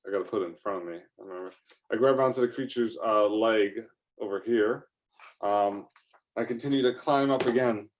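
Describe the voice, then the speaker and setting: A man telling an improvised first-person adventure story in a rambling, excitable way, full of fillers and restarts. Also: fairly low pitch, moderate pace.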